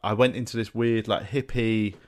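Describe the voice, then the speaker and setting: Chill guy on a podcast, a bit low, swears here and there, just yarning away. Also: normal speed. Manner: relaxed storytelling, swears casually. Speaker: podcast guest. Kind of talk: casual chat.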